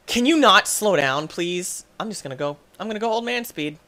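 Excitable young male gamer, fairly high and very animated, yelps and laughs. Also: normal speed. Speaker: gaming YouTuber. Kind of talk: playing and commenting a game.

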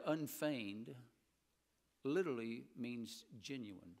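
A man preaching an animated sermon in a church and mixing in humorous stories. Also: a little high, moderate pace, creaky. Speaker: pastor. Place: church sanctuary.

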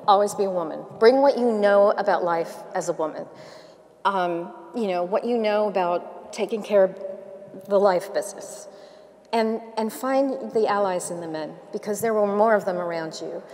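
Woman keynote speaker, mid pitch, frank and anecdotal, echoing hall. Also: moderate pace, darkish tone. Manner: candid storytelling with laughs and asides. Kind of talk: conference keynote and Q&A. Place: large domed hall. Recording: long hall reverb.

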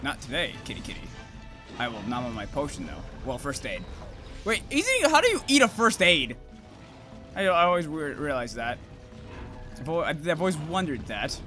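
High, lively gaming streamer man. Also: moderate pace, long pauses, soft background music. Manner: swears and yells at the monster, sudden whoops. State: just woke up, groggy. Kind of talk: live gameplay commentary.

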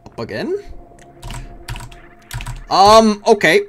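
A man's voice: high-pitched, very animated, extremely slow, fairly bright tone, slight background noise. A man giving casual, wry commentary while playing a game, often muttering to himself. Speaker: let's play host.

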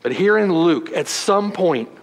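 A male pastor preaching a sermon, moving from loud, forceful emphasis to hushed, quiet passages. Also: lively intonation, a little slow. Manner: dramatic preaching, swinging from loud emphasis to hushed low tones. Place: church sanctuary. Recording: long hall reverb.

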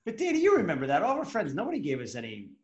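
Excitable man with a higher, lively voice. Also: very fast, echoey room, muffled recording. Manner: excitable storyteller, swears, laughs often. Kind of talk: casual podcast chat.

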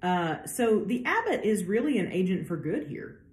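A woman's voice: mid-range voice, big pitch swings, moderate pace, darkish tone, echoey room. A woman giving a casual literature lecture, chatty with many fillers, acting out quotes as she goes. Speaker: literature professor.

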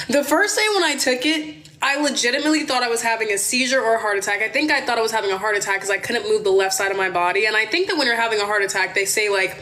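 A young woman from Maryland telling a wild story on her phone livestream, chatty and animated, swearing and calling her viewers y'all. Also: fairly high pitch. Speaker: livestream host.

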